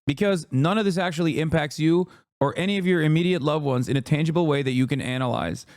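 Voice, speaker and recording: Male streamer, fairly high voice, angry, swears a lot, heated commentary, dry close sound. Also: fast talker, no room sound. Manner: angry, profane, shouts down critics. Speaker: livestream political commentator.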